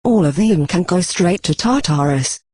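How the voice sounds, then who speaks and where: A text-to-speech voice reading the lines of a proud, upset young unicorn filly from a storybook, in a flat, even synthetic delivery. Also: medium pitch, normal speed, slightly rough, no room sound.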